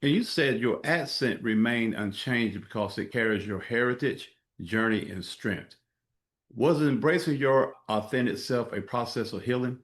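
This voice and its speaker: A man's voice: mid-range voice, moderate pace. A man hosting an interview, who asks questions and answers them in a reflective, affirming way. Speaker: interview host. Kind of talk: interview conversation. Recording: echoey room.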